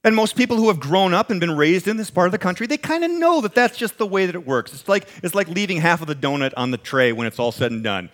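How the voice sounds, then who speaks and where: Lively preacher. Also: male voice, high voice, quick pace, hardly any pauses. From American Midwest. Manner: animated storytelling, acts out quoted voices, chuckles. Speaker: pastor. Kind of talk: sermon.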